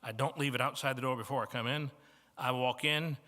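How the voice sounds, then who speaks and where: Midwestern preacher, bright and echoing. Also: male voice, medium pitch, fairly even intonation, fairly quick. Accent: Midwestern American. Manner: storytelling with shifts from soft to emphatic. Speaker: guest preacher. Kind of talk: sermon. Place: church banquet hall. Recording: reverberant banquet hall.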